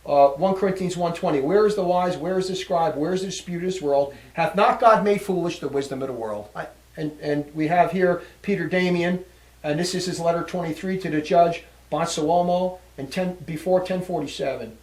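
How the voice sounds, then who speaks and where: Indignant high-voiced male lecturer. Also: brisk, roomy sound. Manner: indignant, scornful, reading long quotes aloud. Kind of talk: religious lecture.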